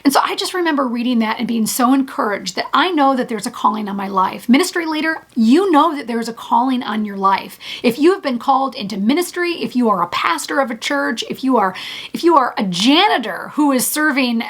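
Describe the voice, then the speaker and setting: A woman's voice: high voice, expressive, a little fast, a bit bright. A woman and ministry leader giving an earnest, encouraging devotional talk, often restarting her phrases.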